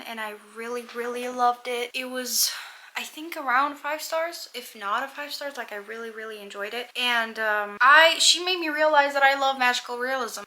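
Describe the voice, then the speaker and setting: A young woman chats about her reading pile at home, her voice very bright and a little high. She gushes, doubles back on her own sentences and tosses in asides as she talks. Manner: gushing, chatty, full of asides and restarts. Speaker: booktuber. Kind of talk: casual book chat.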